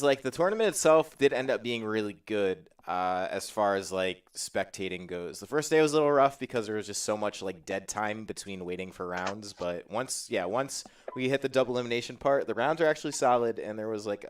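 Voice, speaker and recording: Man, low voice, rambling casual panel chat, lots of fillers, a bit distant from the mic. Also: slight background noise. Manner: rambling with many fillers and restarts. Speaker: podcast host.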